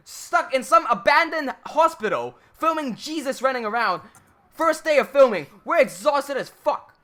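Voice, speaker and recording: A filmmaker telling a story to camera in an animated way, swearing heavily and trailing off quietly at times. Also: male voice, extremely high pitch, moderate pace. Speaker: filmmaker and channel host.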